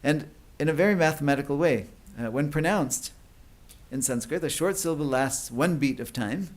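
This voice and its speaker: A man's voice: a little high, normal speed. A man giving an academic lecture at a conference. He explains at length, with many fillers and restarts. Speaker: conference speaker.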